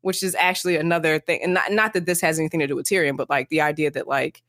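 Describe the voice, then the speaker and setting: A woman co-hosting a podcast, rambling in an animated way, with many uses of "like". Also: low voice, fast talker, dry recording, clean studio sound. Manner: rambling, animated, heavy use of filler "like". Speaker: podcast co-host. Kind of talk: casual chat.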